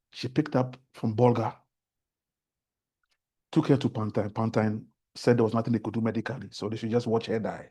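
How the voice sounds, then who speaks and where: A man's voice: mid-range voice, warm tone, breathy edge. A man with a Ghanaian accent, a guest on a talk show, telling stories and preaching about faith in an earnest, sermon-like way.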